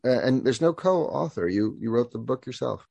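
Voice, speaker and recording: A man's voice: medium pitch, lively intonation, moderate pace, gravelly, a little mellow, no echo. A man hosting an interview, asking questions with enthusiastic admiration. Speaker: interviewer, host.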